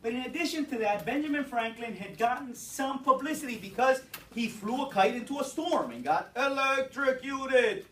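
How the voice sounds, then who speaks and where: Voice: high-pitched, lively intonation, normal speed, fairly bright tone, a little hiss or hum. A teacher giving a conversational classroom history lesson, often checking in with the class. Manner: conversational, explaining and checking in with "okay?". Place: echoey classroom. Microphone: far-off camera mic. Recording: roomy, distant classroom recording.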